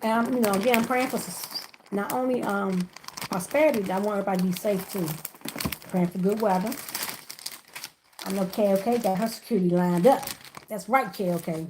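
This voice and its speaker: A woman's voice: medium pitch, steady tone, fairly quick, noisy background. A woman hosting a casual livestream, chatting with viewers by name and laughing often as she wraps gifts. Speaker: livestream host wrapping gift baskets.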